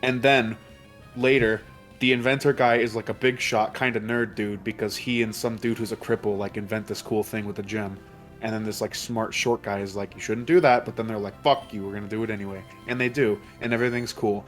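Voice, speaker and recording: A man's voice: on the low side, flat delivery, fairly quick, faint music behind. A man hosting a let's play commentary, recapping a plot in a rambling, profane way with his friends. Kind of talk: casual game commentary with friends.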